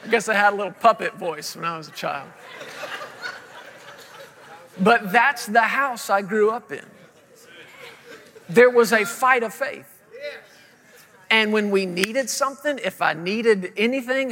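A man's voice: high voice, moderate pace, pushed and bright, big-room sound. A man in his thirties preaching a sermon as a pastor, telling humorous stories and acting out the voices of the people in them.

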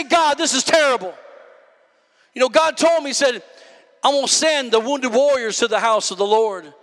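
High, bright-voiced impassioned male preacher. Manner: impassioned, often shouting and building to high cries; calls out to the congregation. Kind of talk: sermon.

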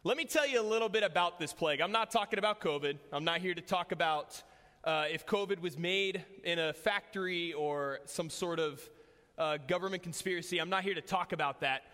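In a church hall full of long reverb, a young man gives a casual, joking sermon built around a personal story. He speaks fairly quickly in a high-pitched, somewhat bright voice.

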